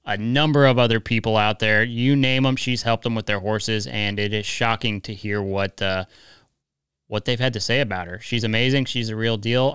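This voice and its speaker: Guy hosting a podcast, smooth voice, dry studio sound, says what he thinks. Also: medium pitch, a bit bright, dry recording. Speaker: podcast host. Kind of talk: casual podcast interview.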